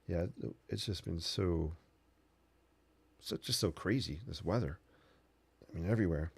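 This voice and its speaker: Deep gravelly man chatting while he paints. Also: a little slow, dry recording. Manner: relaxed, rambling, talks while painting. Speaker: art livestream host. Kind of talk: casual sketching livestream chat.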